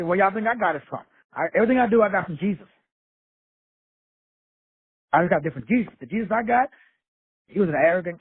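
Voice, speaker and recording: A man's voice: high-pitched, dry recording. A blunt, profane man, from Texas, giving a casual motivational lecture. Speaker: self-help lecturer. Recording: dry tinny phone-like audio, husky voice.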